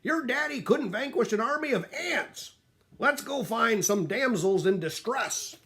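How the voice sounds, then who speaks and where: A man's voice: extremely high pitch, animated, measured pace, a bit bright, pitched above the performer's own voice, full character voice. A man voicing a grumpy, blustering knight uncle who barks and exclaims.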